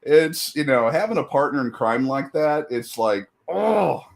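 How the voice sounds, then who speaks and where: A middle-aged man talks in loose, casual conversation. He rambles through fillers and restarts and often laughs at his own jokes. His pitch sits in an ordinary middle range. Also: animated, unhurried, gravelly. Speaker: guest. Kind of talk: casual chat.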